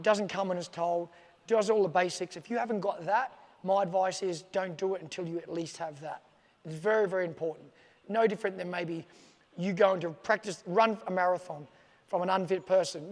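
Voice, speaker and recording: A dog trainer gives casual, plain-spoken advice to camera, repeating his key points, at a dog training facility with staff around. His voice is high-pitched and sounds like it's in a large hall.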